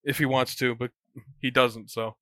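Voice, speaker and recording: A man's voice: medium pitch, level tone, moderate pace, fairly bright tone, no room sound, clean studio sound. A man playing in a tabletop game podcast, teasing the others and acting offended. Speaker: player. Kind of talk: casual podcast banter.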